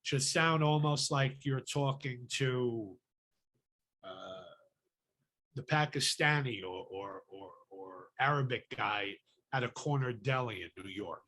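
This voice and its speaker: A man hosting a podcast and chatting casually, his talk full of curses. He rants with real heat, and his voice sits at an ordinary middle pitch. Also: slow pace, pushed and bright. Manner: profane, ranting, heated. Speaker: podcast host. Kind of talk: casual chat.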